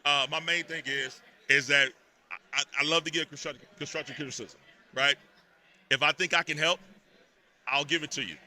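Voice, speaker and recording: A man from Texas, a podcast guest telling stories in a lively, emphatic way at a live event. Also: a little high, brisk, long pauses. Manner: animated storytelling, emphatic repetitions. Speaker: podcast network host, guest. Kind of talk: casual interview talk.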